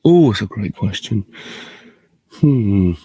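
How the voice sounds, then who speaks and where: A man's voice: lowish voice, animated, takes it slowly, warm tone, husky, no echo. A middle-aged man, answering fan questions in a casual video Q&A and thinking aloud in rambling, self-interrupting, good-humoured talk. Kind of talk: casual virtual Q&A. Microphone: video call.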